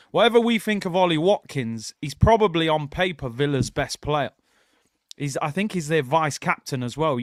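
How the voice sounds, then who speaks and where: A man's voice: a little high, fairly bright tone, no echo, studio quality. A man hosting a football fan channel, ranting in exasperation during a live watchalong and repeatedly addressing his viewers directly.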